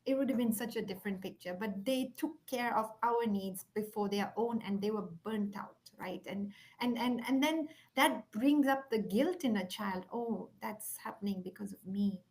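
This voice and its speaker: Earnest woman, slightly high voice. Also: moderate pace, hardly any pauses. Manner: earnest, reflective, softens to near whispers at key points. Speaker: guest speaker. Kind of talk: heartfelt conversational storytelling.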